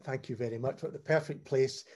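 A man's voice: mid-range voice, steady tone, a little fast, darkish tone. A man hosting a conversation, thanking guests in a friendly way. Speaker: podcast host.

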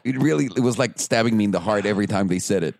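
A young man from Mexico, a native Spanish speaker, hosting a casual podcast chat, animated and profane, ranting and mimicking people. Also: lowish voice, very fast, vocal fry, no room sound, clean studio sound. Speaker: podcast host.

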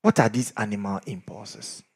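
A middle-aged man preaching a sermon, swinging from shouts down to near whispers. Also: lowish voice, steady tone, normal speed, gravelly, slightly rough. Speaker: pastor.

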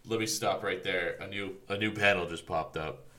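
A man's voice: sits low, fairly even intonation, moderate pace, sharp tone. A man co-hosting a podcast in casual chat, rambling with many fillers and restarts. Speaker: podcast co-host.

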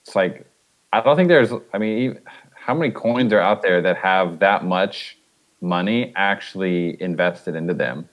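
A man with a low voice in a casual group voice chat. He explains a point in halting stretches, full of restarts and fillers. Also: highs cut off.

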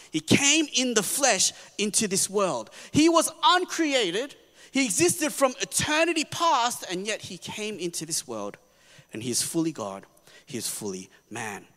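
A pastor giving a sermon in an earnest, conversational way, often checking in with the congregation. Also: male voice, high-pitched, fairly bright tone. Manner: earnest, conversational preaching with frequent "right?" asides. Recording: long reverb of a church hall.

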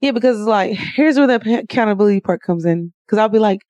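A woman's voice: mid-range voice, fast talker, a little mellow, no echo. A woman co-hosting a podcast, pressing her partner with pointed questions and laughing often. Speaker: podcast co-host. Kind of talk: casual argumentative chat. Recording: dull, dry lo-fi mic.

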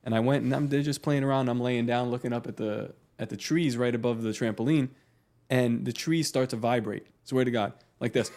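A man in his thirties, a podcast co-host, telling a story in a casual, animated and profane way. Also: mid-range voice, a little fast. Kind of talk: casual chat.

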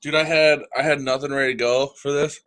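A man in casual chat, teasing his friends with deadpan jokes. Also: mid-range voice, fast talker.

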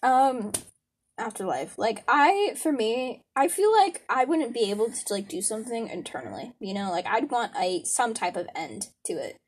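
Young woman, casual chat, lively swooping pitch, fairly high voice, laughs a lot, curses freely, faint noise behind. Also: moderate pace, slightly rough. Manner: laughs often, swears freely, animated.

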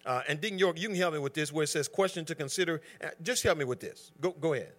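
Man leading a church Bible study; bright, lively teacher, conversational and emphatic. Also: fairly high pitch, fast talker. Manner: calls on members by name, conversational and emphatic. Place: church group gathering.

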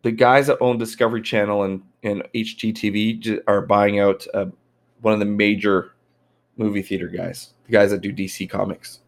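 A man's voice: lowish voice, little pitch movement, moderate pace. A man in casual chat over a video call, joking and poking fun at himself.

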